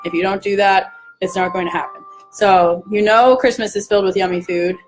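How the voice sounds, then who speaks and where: A young woman nutrition coach with a hoarse, roughened voice, chatting casually in a live-stream Q&A and acting out dieters' self-talk. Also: mid-range voice, fairly even intonation, a little fast, soft background music, low-quality recording.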